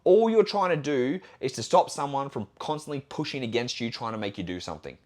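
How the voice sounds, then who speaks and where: A man's voice: mid-range voice, animated, brisk, a little mellow. A young Australian man hosting a solo podcast as a fitness trainer, talking bluntly and assertively with plenty of swearing.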